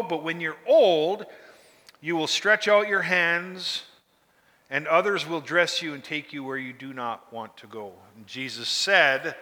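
A man's voice: fairly high pitch, pushed and bright, long reverb tail. A man preaching a sermon in a folksy, conversational way, often asking his listeners questions. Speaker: pastor.

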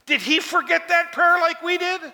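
A man delivers a sermon in a high, strikingly bright and cutting voice. He drives his points home with emphatic, repeated exhortations. His words ring out with a long reverb in a large church hall. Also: fairly even intonation, moderate pace, vocal fry. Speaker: preacher.

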